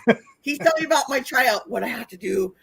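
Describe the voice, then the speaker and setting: A woman telling wild road stories in casual chat, animated and profane, acting out what people said. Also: a little high, fast, gravelly, slightly rough. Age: older. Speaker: wrestling interview guest. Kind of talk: casual storytelling.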